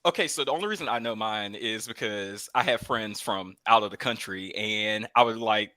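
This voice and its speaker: A young man with a Southern Alabama accent, chatting in a jokey, lively way in a live Q&A with castmates. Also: lowish voice, normal speed. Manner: lively, jokey, laughs easily. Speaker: cast member in a live Q&A. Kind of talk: casual chat.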